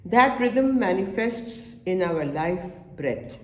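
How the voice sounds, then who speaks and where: A man giving a webinar lecture on rhythm in music and dance, counting beats aloud and pausing often. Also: high-pitched, big pitch swings. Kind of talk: slow spoken lecture. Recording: echoey room, faint background noise.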